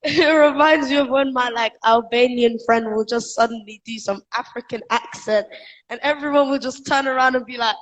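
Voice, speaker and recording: A woman with a fairly high voice chats in a relaxed, conversational way. Her tone is easy and informal. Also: normal speed, poor audio. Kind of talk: casual chat.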